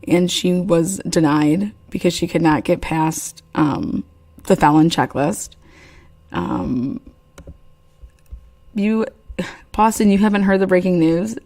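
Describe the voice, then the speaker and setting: A woman's voice: low voice, a little mellow. A woman hosting a casual livestream chat, telling crude stories and laughing often. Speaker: host.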